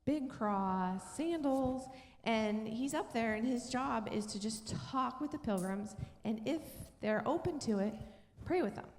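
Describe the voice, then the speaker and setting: A woman pastor tells a story from the pulpit, her voice sitting a little high and carrying a long church-hall reverb. She is middle-aged and animated, and she acts out the people in her story. She moves between quiet, intimate moments and lively retellings. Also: a little slow. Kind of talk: sermon storytelling. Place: church sanctuary.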